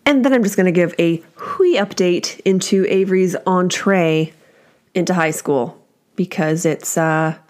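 A woman's voice: fairly low pitch, unhurried, a little mellow. A middle-aged woman hosting a casual solo podcast from home, chatty and self-deprecating, laughing often as she talks. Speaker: podcast host.

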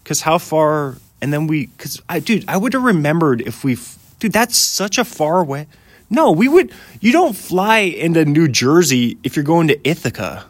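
A man's voice: on the high side, very animated, normal speed, no echo. A man in his thirties hosting a casual solo podcast outdoors in the snow, rambling and chatty, often laughing and saying "dude". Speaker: podcast host.

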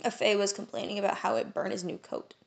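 Lady doing a scared little pixie guy, high and shaky, storybook voice. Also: steady tone, quick pace, creaky. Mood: worried. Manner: high-pitched and tearful, anxious. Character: young male pixie, kind-hearted, frightened. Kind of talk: audiobook character voice.

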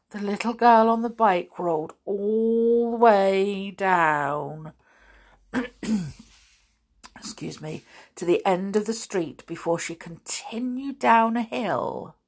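A woman reading a story aloud, narrating with expressive, dramatic delivery. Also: mid-range voice.

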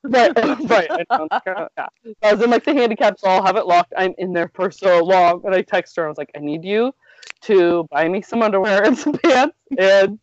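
A woman's voice: mid-range voice, fairly quick, dry recording. Chatty woman in her thirties, giggly storyteller, lo-fi dry mic. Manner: chatty, laughs through her words, lots of "like". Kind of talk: casual storytelling chat. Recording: dull lo-fi dry recording.

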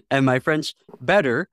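Fairly high-pitched, gravelly, and fairly bright, this man from Northwest Lower Michigan, US, is a guest in a reflective interview. He speaks thoughtfully, laughs often, and acts out quoted voices, on a dry, studio-quality recording.

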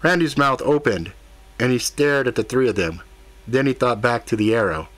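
A man reads an audiobook at a middling pitch for a man. His storytelling is steady and even. The narration is clearly scripted. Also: normal speed.

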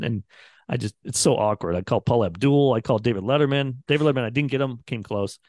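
A man's voice: fairly low pitch, fast, a little mellow, no echo, studio quality. A man, a radio producer chatting casually on a podcast and acting out quotes from the people in his stories. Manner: rambling storyteller, acts out quotes.

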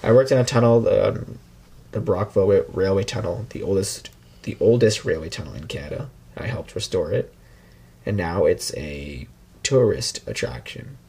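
A man's voice: sits low, moderate pace, creaky, warm tone, husky. A young man telling a casual, rambling story on a podcast, with frequent restarts and fillers. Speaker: podcast guest.

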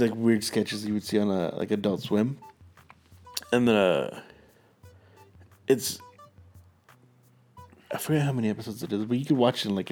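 A young man co-hosting a podcast chats casually, rambling, swearing and laughing through his stories. His voice is medium in pitch and a little mellow.

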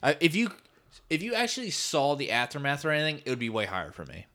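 Laid-back podcast guy with lively pitch. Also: fast. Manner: laid-back, says "dude" and "like" often. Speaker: podcast co-host. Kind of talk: casual chat.

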